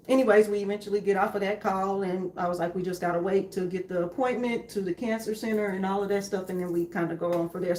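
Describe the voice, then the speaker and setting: A young woman talks through her story in a calm, matter-of-fact way, full of ums and restarts. Her voice sits in the middle of the usual range. The room is echoey, with a faint hum behind her. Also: mid-range voice. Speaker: co-host, wife. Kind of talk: candid conversation with her husband.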